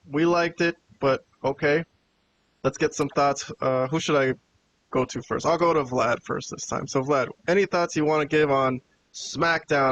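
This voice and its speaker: Chatty podcast host recapping wrestling. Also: male voice, on the high side, low-quality recording. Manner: animated retelling with quoted dialogue.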